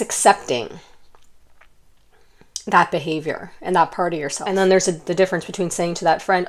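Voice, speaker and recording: Soft-spoken woman giving a card reading. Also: on the low side, fairly even intonation, normal speed, pauses often. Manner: gentle, rambling, many fillers and restarts. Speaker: tarot card reader. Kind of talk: intuitive pick-a-card reading.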